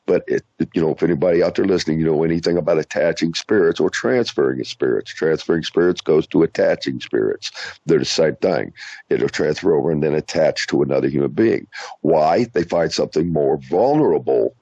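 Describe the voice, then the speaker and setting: Deep husky guy hosting a radio show, halting, dry dull sound. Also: no echo. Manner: animated, halting restarts, acts out quoted voices. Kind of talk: casual storytelling interview.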